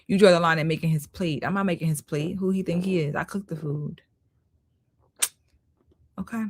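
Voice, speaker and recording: A woman's voice: fairly low pitch, steady tone, moderate pace, a little hiss or hum. A woman hosting a live-stream commentary, critical in tone, often repeating herself for emphasis and talking to viewers as "y'all". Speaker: host.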